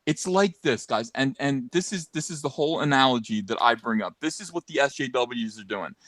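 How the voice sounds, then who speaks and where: Guy ranting on a podcast, mocking and loud, mid pitch, dry close mic. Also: fairly quick, no echo. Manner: loud, mocking and animated, with sarcastic asides. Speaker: podcast co-host. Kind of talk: casual ranting commentary.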